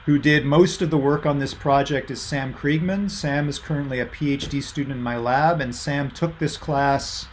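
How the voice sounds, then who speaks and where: A man's voice: fairly high pitch, steady tone, normal speed, few pauses, a little hiss or hum. A middle-aged man giving a university lecture over a video call, in a casual way with many fillers, reading out student answers from the chat. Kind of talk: online lecture.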